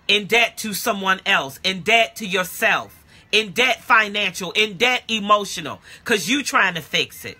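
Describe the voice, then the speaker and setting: A husky, very bright-toned woman preaching a live-streamed sermon. Her pitch swings widely as she drives home repeated phrases in a steady rhythm. She talks bluntly and plainly to her listeners and often breaks into loud exclamations. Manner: blunt and colloquial, speaks directly to listeners. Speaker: pastor and prophetic teacher.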